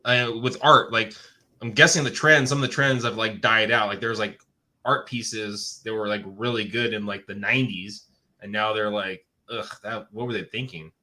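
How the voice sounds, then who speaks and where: Co-host guy, lowish voice but bright and forceful, rambles and restarts. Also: steady tone. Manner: rambling, halting. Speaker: podcast co-host, realtor. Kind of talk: casual chat.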